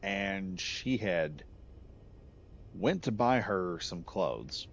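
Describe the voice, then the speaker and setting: A man's voice: sits low, lively intonation, very slow, creaky. A middle-aged man telling a casual, rambling story as a gaming channel host. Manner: rambling, self-correcting, laughs at own jokes. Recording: slightly muffled with faint background noise.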